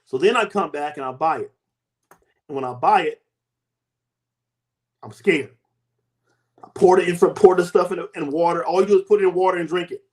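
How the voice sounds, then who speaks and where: A man in his fifties, a guest giving a lively personal testimony and acting out the people in it. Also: on the high side, moderate pace, pauses often. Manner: animated storytelling, acts out quoted voices.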